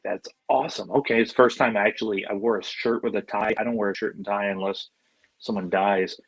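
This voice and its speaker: A man's voice: lowish voice, no room sound, rough recording. A man in his forties from Buffalo, a podcast guest telling stories casually and acting out the voices of the people he quotes. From Buffalo, New York. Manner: animated, acts out quoted voices. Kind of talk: casual storytelling.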